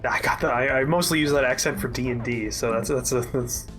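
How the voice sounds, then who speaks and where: A man's voice: medium pitch, fairly bright tone, faint music behind. Joking man on a gaming call. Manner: quick, joking, laughs often. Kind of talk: casual co-op gaming chat.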